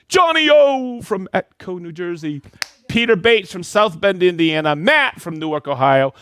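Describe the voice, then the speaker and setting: A man's voice: high voice, a bit bright, no room sound, clean studio sound. A man hosting a live stream, upbeat and jokey, reading out viewers' names and hometowns. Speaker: host of a live product show. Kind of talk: livestream shout-outs to viewers.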